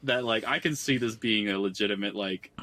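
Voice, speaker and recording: A man with a bright, forward voice chats loosely on a gaming podcast. He rambles, packs his sentences with filler words and laughs often as he goes. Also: on the low side, expressive, moderate pace, slight background noise. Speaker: podcast co-host. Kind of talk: casual chat.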